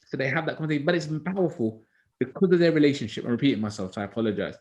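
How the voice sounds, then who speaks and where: A man in an easygoing group discussion, spinning classroom stories with energy and acting out what others said. His voice sits at an ordinary middle pitch. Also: racing. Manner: animated storytelling, acts out others' words. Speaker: co-host of a Bible study discussion, schoolteacher. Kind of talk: casual discussion.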